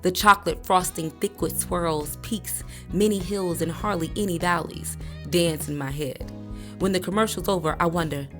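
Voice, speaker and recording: Woman with a deep voice reading a book out loud, steady and measured, soft music under it. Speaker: book reader. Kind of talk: audiobook narration.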